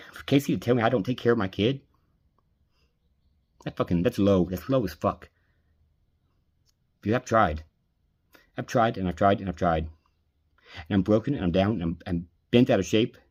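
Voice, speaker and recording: A man's voice: lowish voice, moderate pace, long pauses, darkish tone, breathy edge. An adult man venting in an angry personal rant, bitter and aggrieved, swearing often. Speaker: vlogger venting.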